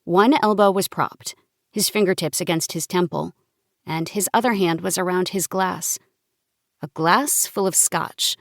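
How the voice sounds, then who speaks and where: A woman reading a first-person novel as an audiobook narrator, in a calm, measured storytelling manner. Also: on the low side, vocal fry, dry recording, clean studio sound.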